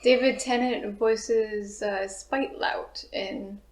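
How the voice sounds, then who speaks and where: A woman's voice: medium pitch, steady tone, slow pace, darkish tone. A woman playing in a tabletop game, chatting in a playful, teasing way. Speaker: player. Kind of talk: casual banter at a game table. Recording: echoey room.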